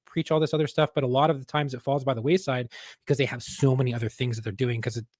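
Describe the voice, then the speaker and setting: A man's voice: mid-range voice, fairly even intonation, quick pace, a little mellow, no echo. A man co-hosting a podcast, a former police officer telling stories bluntly and with plenty of swearing. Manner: blunt, profane storytelling. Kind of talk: casual podcast conversation.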